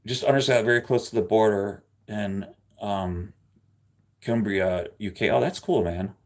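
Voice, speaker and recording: A man hosting a livestream, chatting casually with viewers and reading their comments out loud. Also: fairly low pitch, unhurried. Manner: chatty, rambling, ranting. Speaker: livestream host.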